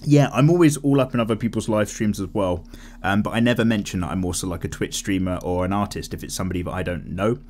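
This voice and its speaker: A man's voice: on the low side, quick pace, darkish tone, slight background noise. A young man casually chatting while he draws, reading viewer comments aloud and rambling candidly through tangents. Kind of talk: casual chat while drawing.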